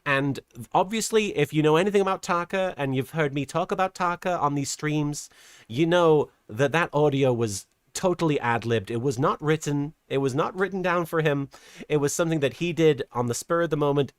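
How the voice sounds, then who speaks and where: A man's voice: fairly high pitch, no echo, clean studio sound. A man casually commenting on a livestream, chatty and rambling, laughing often and poking fun at himself at a desk microphone. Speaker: streamer and host.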